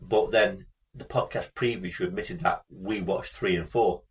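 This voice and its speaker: A man's voice: low voice, moderate pace, far from the mic. A man, co-hosting a podcast, teasing his friend and explaining things at length. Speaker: podcast co-host. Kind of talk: casual chat.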